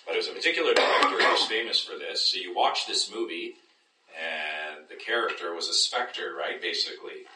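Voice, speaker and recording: A man leads a Bible class in a very low voice with a bright, forceful edge. He keeps drawing his listeners in with questions as he teaches. He is recorded from a distance in an echoey room. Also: big pitch swings, brisk. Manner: engaging, checks in with listeners often. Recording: echoey room, distant mic, faint noise.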